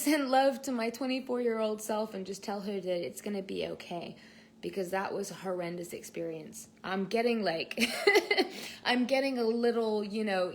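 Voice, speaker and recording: A young pregnant woman talks straight to her viewers in a casual online lesson, earnest and a little rambling. Her voice sits in an ordinary middle range. A soft hiss of room noise runs under the built-in mic. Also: mid-range voice. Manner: chatty and earnest, with frequent fillers and restarts. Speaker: online course teacher. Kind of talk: casual talk-to-camera lesson. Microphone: built-in mic, no headphones.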